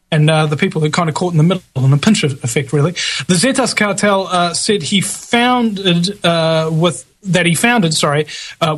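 A man with a fairly high voice hosts a talk radio show. He reads out news items in a casual way and keeps wandering off into loose asides full of fillers. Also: a bit bright.

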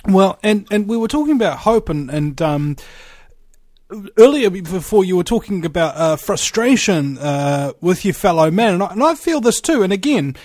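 Host, male, fairly high voice, halting delivery with restarts, dry close sound. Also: very animated, a little mellow, no echo. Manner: halting, many fillers and restarts. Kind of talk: conversational interview.

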